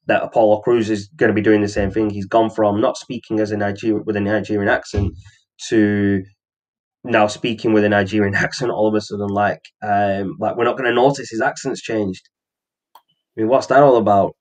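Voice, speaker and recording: Male podcast co-host, slightly low voice, loose rambling delivery full of ums. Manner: rambling, frequent ums and restarts. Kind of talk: casual wrestling chat.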